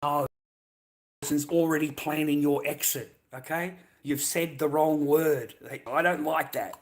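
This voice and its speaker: A man's voice: fairly high pitch, steady tone, unhurried. An Australian man ranting to camera in a mocking, sarcastic way, swearing freely as he talks. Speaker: vlogger.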